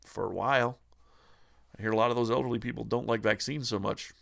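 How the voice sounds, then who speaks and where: A man's voice: medium pitch, fairly even intonation, fast talker, gravelly, fairly bright tone. A man hosting a retro gaming news vlog who rants about the news in a profane, sarcastic way. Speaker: retro gaming channel host.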